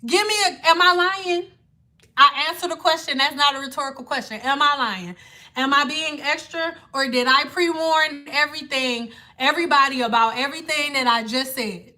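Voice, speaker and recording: Bright-voiced woman ranting. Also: high voice, moderate pace. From Detroit. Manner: blunt, ranting, swearing freely. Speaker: hair vlogger. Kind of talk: casual rant to camera.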